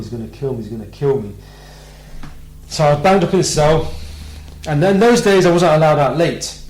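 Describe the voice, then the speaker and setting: A man from Britain hosting a live radio show, telling a personal story in a lively way and acting out the voices of the people in it. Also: mid-range voice, echoey room, low-quality recording. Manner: animated storyteller, acts out quoted voices. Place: radio studio.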